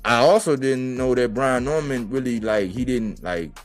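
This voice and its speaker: Hosting a boxing commentary livestream, this man uses a mid-range voice at a moderate pace over faint background music. As commentator and show host, he is emphatic and slangy, driving points home through repetition.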